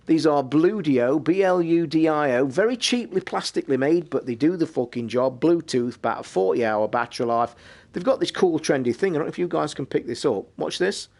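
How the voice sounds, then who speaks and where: A man's voice: a little high, brisk. A British man hosting a live stream, telling a rambling story in a casual, swear-filled way. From United Kingdom. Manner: swears constantly, rambling and animated. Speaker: streamer and podcast host.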